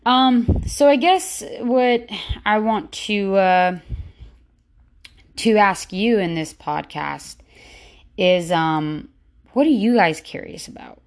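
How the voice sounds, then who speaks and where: A woman's voice: medium pitch, slow, pauses often. Rambling, chatty woman podcaster. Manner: rambling, many fillers and restarts, chatty and upbeat. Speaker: podcast host. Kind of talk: casual solo podcast chat.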